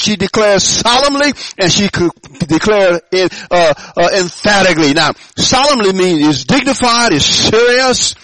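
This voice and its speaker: A pastor preaches a sermon to his congregation, emphatic, sinking to low murmurs and then rising to shouted declarations while putting call-and-response questions to the room. The recording is low quality with no room sound.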